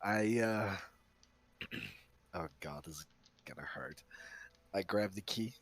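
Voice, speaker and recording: A man playing in a tabletop game over voice chat, excitable and swearing, with the hiccups. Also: deep voice, slow pace. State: has the hiccups. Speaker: player.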